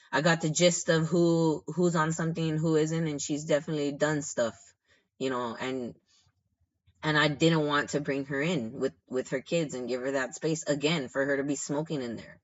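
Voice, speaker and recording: A man's voice: a little high, steady tone, moderate pace, highs cut off. A young man who works as a shelter caseworker, venting about his job in a casual, frustrated and rambling way, full of restarts and fillers. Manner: frustrated, rambling, many restarts and "you know". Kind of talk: casual storytime vlog.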